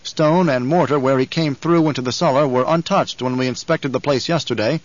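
A man doing a loud, blunt guard officer. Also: medium pitch, a little fast, no room sound, dull audio, natural voice. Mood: dutiful.

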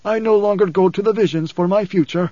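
A man voicing an old blind preacher, hoarse, bitter and fearful, with tense, raised and pleading lines. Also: sits high, fast talker, mellow, no room sound, muffled recording, pitched above the performer's own voice.

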